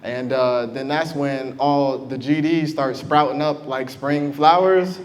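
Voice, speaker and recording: A man's voice: mid-range voice, steady tone, slow pace, in a large hall. A young adult man doing a stand-up comedy set, chatting and teasing the crowd from a club stage. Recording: live club recording with audible crowd noise.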